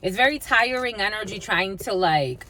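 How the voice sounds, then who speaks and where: A woman's voice: mid-range voice, lively intonation, moderate pace, sharp tone. A woman giving a channeled tarot reading, blunt and swearing freely, and sometimes half-singing her lines. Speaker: psychic reader.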